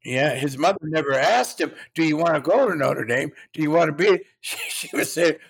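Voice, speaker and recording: A man's voice: on the high side, fairly quick, vocal fry, slightly rough. An older man, a motivational speaker, telling a story in an interview and acting out the quotes.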